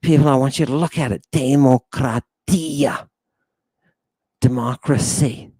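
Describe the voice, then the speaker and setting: A man's voice: mid-range voice, brisk, warm tone, slightly rough, no echo. A man teaching a jokey livestream lesson, theatrical and playful, calling out to his viewers. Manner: theatrical, joking, addresses viewers as people. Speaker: online language teacher.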